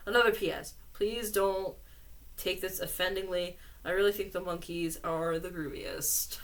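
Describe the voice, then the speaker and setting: A woman's voice: lowish voice, fairly even intonation, unhurried, pauses often, a little hiss or hum. A woman reading letters aloud with commentary, laughing often between lines. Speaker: reader and commentator.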